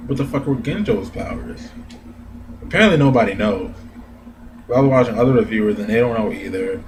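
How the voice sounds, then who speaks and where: A man giving a casual, profane anime review rant, animated and laughing often. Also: on the low side, noisy background. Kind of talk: casual ranting commentary.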